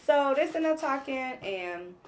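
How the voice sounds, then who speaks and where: A woman's voice: high-pitched, lively intonation, normal speed. A woman hosting a casual recap of a reality show, retelling scenes in a chatty, gossipy way with plenty of fillers. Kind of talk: casual episode recap commentary.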